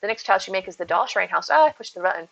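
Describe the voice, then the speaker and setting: Bubbly bright-voiced woman streamer. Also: medium pitch, expressive, rapid-fire, vocal fry. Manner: bubbly and chatty, thanking viewers, giggly asides. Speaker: streamer hosting a game stream. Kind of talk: casual live-stream chat, reading chat aloud. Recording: dull lo-fi stream audio. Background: faint game music.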